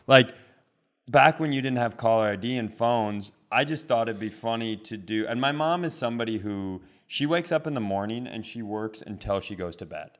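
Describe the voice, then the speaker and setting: A man's voice: fairly low pitch, lively intonation, normal speed. A man in his forties telling casual comedic stories, laughing often and acting out voices. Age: 40s.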